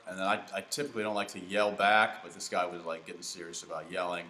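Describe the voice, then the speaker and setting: A man's voice: sits low, little pitch movement, fairly quick, bright, forceful tone, slight background noise. A man hosting a comedy podcast, chatting casually while playing a video game and telling rambling stories with fillers and restarts. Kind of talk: casual chat while gaming. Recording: echoey room.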